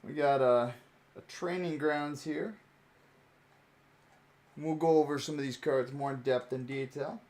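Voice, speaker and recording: A man's voice: on the high side, fairly even intonation, unhurried, pauses often, darkish tone. A young man streaming a card-pack opening, chatting casually with many fillers and chuckles.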